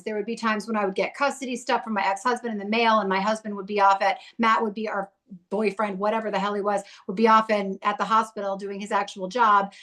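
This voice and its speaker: A woman guest on a podcast tells her story candidly and with heat. She talks bluntly, swears freely and swings between rage and tenderness. Her voice sits at a middle pitch. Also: sharp tone. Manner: blunt, profane and fiery.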